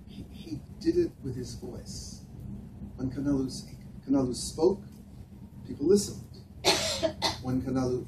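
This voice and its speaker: A man gives an earnest, unhurried talk, pausing often, his pitch rising and falling with lively expression. He is heard from a distance in an echoey room. Steady background noise runs underneath him. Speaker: speaker addressing volunteers. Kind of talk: reflective talk with personal stories.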